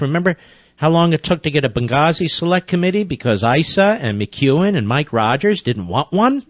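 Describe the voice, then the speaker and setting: A fired-up male talk radio host with a fairly high voice, reading the news and then tearing into it with biting sarcasm. His indignant delivery sounds close and dry, with slightly muffled broadcast sound. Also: lively intonation, brisk, no echo.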